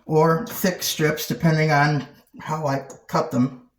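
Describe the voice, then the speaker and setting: A man's voice: fairly high pitch, level tone, slow, slight background noise. A man hosting a casual cooking demonstration, chatty and playful, with silly sound effects and jokey asides. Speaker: cooking show host.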